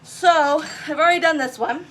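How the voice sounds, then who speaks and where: A woman's voice: high voice, normal speed, fairly bright tone, a little hiss or hum. A woman chatting through a craft tutorial, self-deprecating and talking straight to her viewers. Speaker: craft vlogger.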